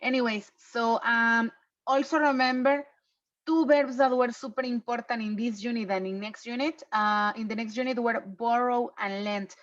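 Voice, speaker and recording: A woman's voice: fairly high pitch, steady tone, moderate pace, fairly bright tone. Woman teaching online. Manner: patient, checks in with "okay?". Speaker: English teacher. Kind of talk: online class review lesson. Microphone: video call. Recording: muffled lo-fi online class audio.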